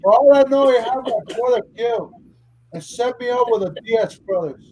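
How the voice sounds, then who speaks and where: A swaggering Cuban gangster with a tough, boastful drawl, put on by a man. The voice sits high for a man and carries a faint hiss behind it. He talks like a film mobster laying down the law. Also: a little fast, darkish tone, poor audio. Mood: menacing.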